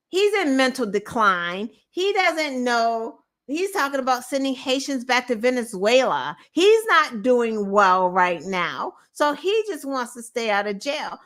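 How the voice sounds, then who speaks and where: High, bright, animated woman ranting. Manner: animated, incredulous, profane, laughing asides. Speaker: podcast host. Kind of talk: casual political commentary.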